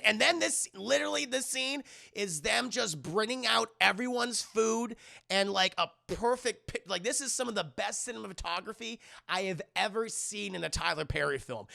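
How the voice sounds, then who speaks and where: A man giving a casual, animated movie review on a live stream, rambling, swearing and talking to his chat. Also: sits high, normal speed, creaky.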